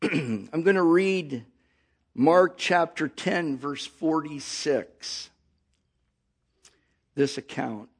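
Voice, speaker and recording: A man preaching a sermon, reading scripture and calling out to the congregation with slow emphasis. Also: fairly high pitch, breathy edge.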